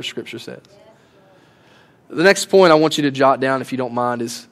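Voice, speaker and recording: A pastor delivers a sermon in a fairly high, light voice. He talks easily and storytells to his congregation, then presses harder and pleads with rising intensity. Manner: conversational preaching, rising to impassioned pleading. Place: church sanctuary.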